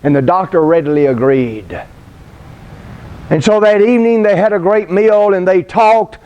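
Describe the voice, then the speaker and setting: Male preacher, storytelling sermon, high voice, deliberate pauses, dull lo-fi recording.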